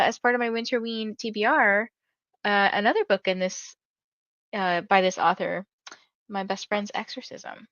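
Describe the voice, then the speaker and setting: A woman's voice: medium pitch, bright, forceful tone, no room sound, highs cut off. A young woman hosting a reading livestream, chatting casually with viewers and reading out their comments, with lots of fillers. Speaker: livestream host reading books.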